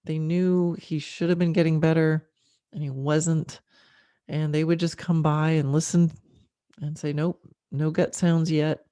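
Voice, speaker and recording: A middle-aged woman hosting a podcast, telling a personal story candidly and emotionally, with frequent fillers and soft laughs. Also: low voice, little pitch movement, unhurried, clear, resonant tone, no room sound, studio quality. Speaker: podcast host.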